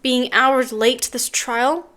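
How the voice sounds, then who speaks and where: A woman's voice: high-pitched, fairly even intonation, takes it slowly, sharp tone, full character voice. A woman voicing a stern trial judge, asking clipped, dry questions of a witness in a game.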